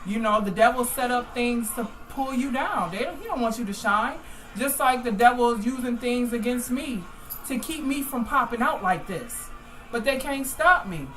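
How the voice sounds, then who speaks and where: A woman hosting a group call, telling a story in a loud, emotional, animated way. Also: fairly high pitch, moderate pace, a little hiss or hum, low-quality recording. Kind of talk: casual storytelling chat.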